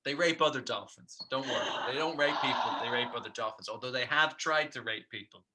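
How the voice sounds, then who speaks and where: A man's voice: mid-range voice, brisk, heavy background noise. A man co-hosting a podcast, riffing in a rambling, jokey way on absurd ideas. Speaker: podcast co-host. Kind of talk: casual comedic chat.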